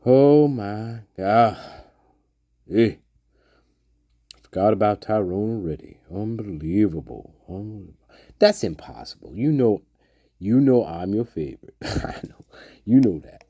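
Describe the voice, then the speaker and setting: A man's voice: fairly low pitch, lively intonation, a little slow, long pauses, mellow, no echo, studio quality. A man hosting his own channel in a casual, rambling vlog, joking around and laughing often. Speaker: channel host.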